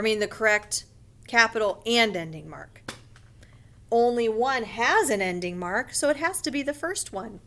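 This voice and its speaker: This is a recorded online grammar lesson where a patient woman walks first graders through the material at an unhurried pace. Occasionally she murmurs a brief remark to herself, and at times her voice climbs higher to illustrate an excited sentence.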